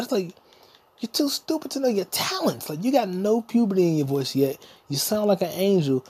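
Husky guy ranting on his podcast, swearing a lot, rambly and jokey. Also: a little high, lively intonation, brisk, dark tone. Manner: profane, rambling, jokey, sings snatches. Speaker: podcast host. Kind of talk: solo podcast rant.

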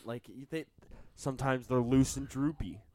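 A man's voice: medium pitch, normal speed, a little mellow, dry recording. A man co-hosting a casual podcast, musing aloud in a laid-back way and often saying "man" and "dude". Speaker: podcast co-host.

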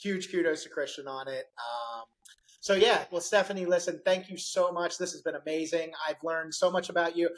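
Animated middle-aged man telling a story. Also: a little high, moderate pace, poor audio. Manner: animated storyteller, acts out quotes. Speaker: podcast host. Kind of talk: casual interview storytelling.

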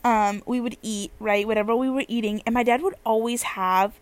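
A young woman telling a casual story as a vlogger, animated and slangy, swearing freely. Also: fairly high pitch, brisk.

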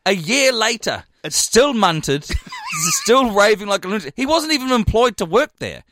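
A man with an Australian accent, co-hosting a radio chat show and telling a rambling, animated story full of quoted dialogue. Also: sits high, fairly quick, noisy background. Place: radio studio.

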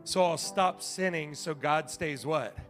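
A male pastor preaching a sermon, telling stories with big swings from shouting to hushed asides. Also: on the high side, unhurried, soft background music. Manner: animated storytelling, swings from shouting to quiet.

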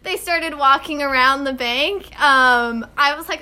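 A woman's voice: sits high, measured pace, crowd noise. A young woman telling a rambling story in casual chat, giggling often and using lots of filler words. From Ireland.

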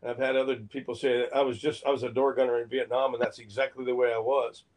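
A man's voice: mid-range voice, level tone, fast talker, darkish tone, low-quality recording. An older man from Phoenix, an actor, telling a story in an interview, acting out quotes and laughing between lines. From Phoenix, Arizona, USA. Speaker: actor and guest.

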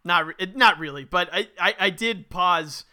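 A man's voice: high-pitched, measured pace, sharp tone. A man co-hosting a casual movie review podcast, ranting bluntly and profanely. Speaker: podcast co-host.

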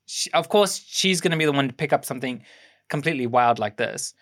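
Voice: medium pitch, lively intonation, brisk, fairly bright tone. Young podcast cohost rattling off movie trivia, lots of ums and restarts, chatty. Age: young adult. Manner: rambling, fact-sharing with many ums and restarts. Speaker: film review podcast co-host. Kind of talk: casual film review chat.

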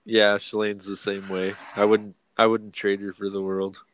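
A man's voice: on the low side, completely flat delivery, moderate pace, fairly bright tone, dry recording. A man in his thirties co-hosting a podcast, chatting casually with heavy swearing and frequent laughs. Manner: profane, rambling, laughs often. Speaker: podcast co-host. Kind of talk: casual chat.

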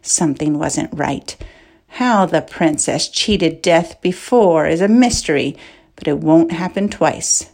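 A woman's voice: sits low, takes it slowly, creaky, exaggerated voice. A woman voicing a sneering, scheming man. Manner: barking orders, then sneering softly. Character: scheming cunning male soldier, sneering.

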